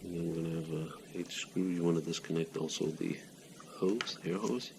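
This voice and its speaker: A man's voice: low-pitched, moderate pace, creaky. A middle-aged man working on his motorcycle in his home garage, breathing hard as he talks through each step in a plain, hands-on way. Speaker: home mechanic. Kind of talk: casual how-to demonstration. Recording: noisy garage recording.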